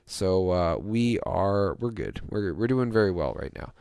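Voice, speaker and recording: Smooth-voiced man giving game commentary. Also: deep voice, a little slow. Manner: chatty, cheers on his team, bursts of excitement; thinks aloud with many fillers and restarts. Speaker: gaming channel host. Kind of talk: casual let's-play commentary.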